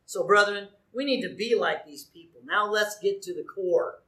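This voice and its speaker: Male pastor, animated sermon, echoey sanctuary sound. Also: sits high, moderate pace. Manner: animated preaching with rhetorical questions to the congregation. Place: church sanctuary. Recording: echoey church room.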